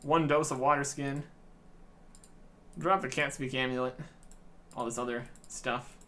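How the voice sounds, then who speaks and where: A man's voice: mid-range voice, fairly even intonation, a little slow, fairly bright tone. A man hosting a let's-play video, commenting on the game in a wry, joking way. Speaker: game channel host.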